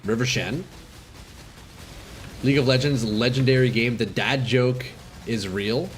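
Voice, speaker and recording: A man streaming a game live, chatting casually with viewers, excitable and swearing, sniffling from a runny nose. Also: medium pitch, unhurried, slight background noise. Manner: excitable, swears, calls chat "bro" and "dude". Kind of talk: casual live gameplay chat.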